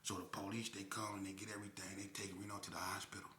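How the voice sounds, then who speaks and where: A man telling a crime story in a casual, animated way, adding sound effects and slang. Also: lowish voice, rapid-fire. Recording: echoey room.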